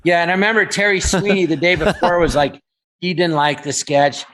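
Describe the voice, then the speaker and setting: A man's voice: fairly high pitch, fairly quick, fairly bright tone. A man telling a long anecdote in casual chat as a guest comedian. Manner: anecdotal, acts out quoted voices.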